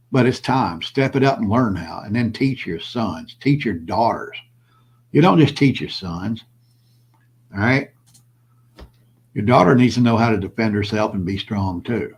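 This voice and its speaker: A man's voice: lowish voice, breathy edge. An older man hosting his own vlog, talking bluntly and preachily to his viewers and repeating his points. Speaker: prepper channel host. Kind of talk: impassioned solo vlog monologue.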